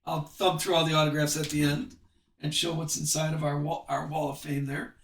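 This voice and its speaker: A man's voice: on the high side, flat delivery, gravelly, a bit bright, echoey room, distant mic, slight background noise. Chatty man hosting a card break. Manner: chatty, reads card names off quickly. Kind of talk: live card break commentary.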